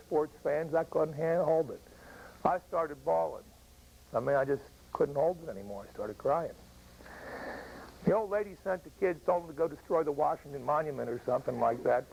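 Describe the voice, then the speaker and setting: An older American man, a veteran, telling an emotional personal war story with halting pauses. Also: fairly high pitch, gravelly, darkish tone, slight background noise, poor audio. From United States. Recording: old radio broadcast recording.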